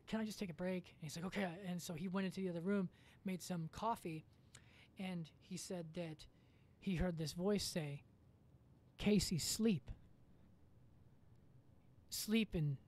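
A woman's voice: on the low side, darkish tone. A woman as a podcast guest in casual chat, rambling through a story with lots of fillers and casual swearing.

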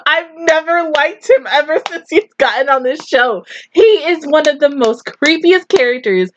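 A woman reacting to and reviewing an anime in casual, expressive chat, swearing and breaking into loud outbursts. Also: sits high, normal speed, muffled recording.

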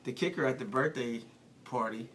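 A man's voice: medium pitch, normal speed, a bit bright. Guy co-telling a story, casual, builds to the kicker. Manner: chiming in, building to a punchline. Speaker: guest. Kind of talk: casual anecdote.

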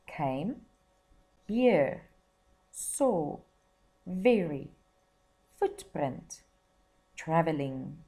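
Here a teacher from South Africa, a woman with a lowish, mellow voice, reads a story for children. Afterward she gives out tasks at an unhurried pace, sounding encouraging.

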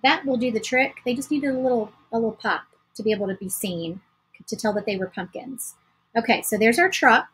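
A woman's voice: a little high, a little fast, a bit bright, slight background noise, low-quality recording. A woman hosting a casual crafting livestream, chatting to viewers while she paints. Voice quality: very husky.

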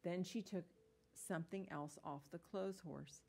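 Female storyteller, slightly low voice, gentle unhurried read-aloud of a children's tale. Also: gravelly, slightly rough.

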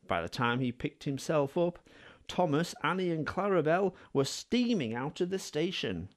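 A man narrating a children's storybook in an expressive, animated way. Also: medium pitch.

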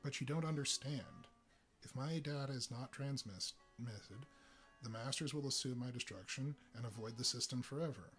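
A man's voice: mid-range voice, moderate pace, fairly bright tone, natural voice. Casting: tormented alien giant, formal and stiff speech, read by a man, faint guitar behind. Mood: anguished.

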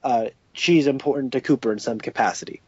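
A man's voice: mid-range voice, a little fast, slightly rough, dry recording, lo-fi sound. A young man co-hosting a casual podcast chat, offhand and mildly sardonic. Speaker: podcast co-host.

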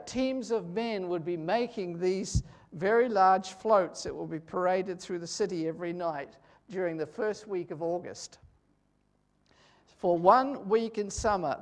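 Slow-talking older male preacher. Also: high-pitched. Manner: slow, storytelling with pauses and fillers. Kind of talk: sermon with opening prayer. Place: church.

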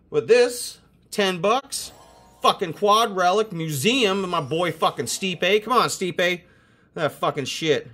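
A young man hosting a casual card-opening video, excitable and swearing constantly as he hypes each card. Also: sits high. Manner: profane, excitable, hyped. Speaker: host opening sports cards.

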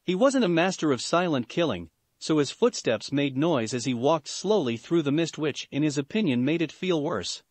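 A man narrating fan fiction aloud in a steady storytelling manner. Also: fairly high pitch, moderate pace, dry recording.

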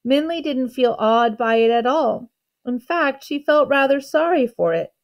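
A woman teacher narrating a storybook aloud at an unhurried, measured pace. Her voice sits somewhat high and stays steady and calm through the narration.

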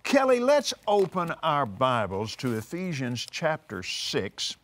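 An older man leads the talk in a lively, conversational preaching style. He is emphatic and animated, repeating words for force. His voice sits a little high for a man and moves through a wide range. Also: slow pace. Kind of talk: conversational teaching.

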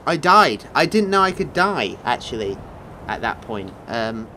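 A man's voice: medium pitch, very animated, unhurried, noisy background. A young man giving jumpy, joking commentary over a horror game, swearing and yelping when startled. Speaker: gaming video host. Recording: game music loud behind voice.

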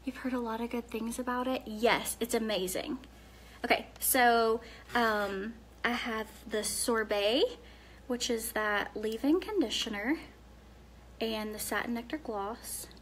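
Tennessee woman, Southern accent, chatty live phone video, slightly high voice, faint hiss behind. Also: unhurried. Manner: chatty, answers viewer comments, drops to soft murmurs while styling. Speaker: live-stream hair demonstrator. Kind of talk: casual live video chat.

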